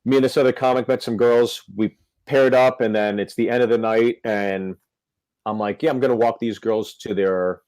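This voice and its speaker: A man's voice: mid-range voice, steady tone, moderate pace, a little mellow, dry recording, low-quality recording. A male comedian telling a story on a podcast, acting out the quotes. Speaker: comedian guest.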